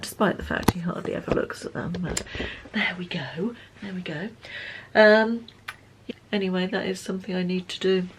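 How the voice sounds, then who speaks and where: A woman in her fifties chatting casually in a rambling day-in-the-life vlog, full of ums and restarts, sometimes dropping to a soft near-whisper. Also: on the low side. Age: 50s. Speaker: lifestyle vlogger.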